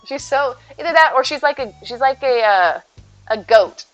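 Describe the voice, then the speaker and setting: A woman's voice: high voice, expressive, normal speed, muffled recording, faint music behind. Chatty woman streamer cooing over cats. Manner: chatty, answers viewers, coos at her cat. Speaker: live streamer. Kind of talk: casual live-stream chat while gaming.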